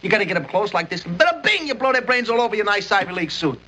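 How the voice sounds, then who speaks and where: A mocking, menacing mob boss. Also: male voice, sits high, racing, a little hiss or hum, heavily acted. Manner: mocking, menacing, animated street talk. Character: gruff mob boss scolding a young man.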